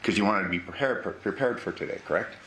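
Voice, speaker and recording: A man cross-examining a witness in a courtroom, his voice sitting slightly low. He presses steadily, pinning down every answer with a clipped follow-up question. A faint hiss runs under the recording. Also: fast talker, a bit bright. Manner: pressing, repeats "correct?" to pin down answers. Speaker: defense attorney.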